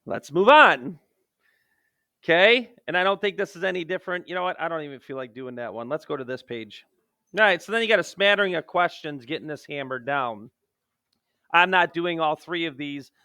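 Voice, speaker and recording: A man talking through a geometry lesson as a math teacher, joking and poking fun at himself. His voice is bright and sharp and sits a little high. It is recorded close and dry, with no room sound. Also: moderate pace, clean tone, no echo. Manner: joking, self-deprecating, jumps from playful outbursts to mutters.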